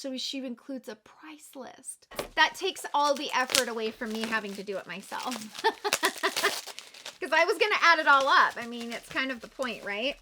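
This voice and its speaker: Bubbly high-voiced woman unboxing makeup. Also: sharp tone, a little hiss or hum. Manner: gushing, gasps and exclamations. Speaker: beauty vlogger. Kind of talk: excited unboxing chat.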